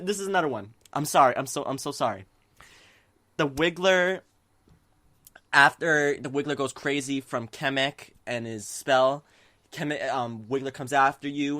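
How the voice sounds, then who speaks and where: A man co-hosting a casual podcast chat, excitable and quick to laugh, getting flustered and apologizing while he searches for his notes. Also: no room sound. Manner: excitable, laughs often, jumps into high mock voices when quoting. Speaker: podcast co-host.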